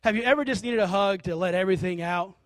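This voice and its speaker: High-voiced man preaching an animated sermon. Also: fast, dry recording. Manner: animated storytelling, acting out characters.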